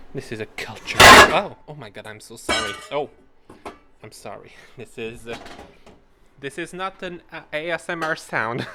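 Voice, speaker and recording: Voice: medium pitch, moderate pace, very noisy. A podcast host talking casually while cooking at home, rambling, laughing and swearing through each step. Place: home kitchen.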